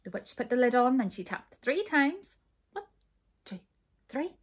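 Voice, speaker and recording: A woman's voice: high-pitched, big pitch swings, unhurried, husky. A woman reading a children's storybook aloud, narrating expressively.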